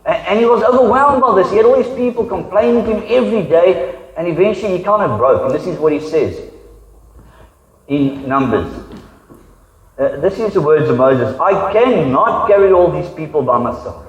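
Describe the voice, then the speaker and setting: A man's voice: high-pitched, animated, moderate pace. A man, a pastor preaching a conversational sermon and acting out quoted voices. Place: church hall. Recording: echoey hall, dull sound.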